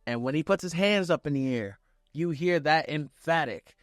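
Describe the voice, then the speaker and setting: A man's voice, pitched a bit higher than most, rattles through a wrestling recap with swearing and rising excitement. The sound is dry and close, with almost no room around it. His telling runs like hyped play-by-play with a casual edge. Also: a little slow, no echo. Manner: excitable, profane play-by-play retelling. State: on vacation. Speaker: wrestling reviewer. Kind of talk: casual reaction review.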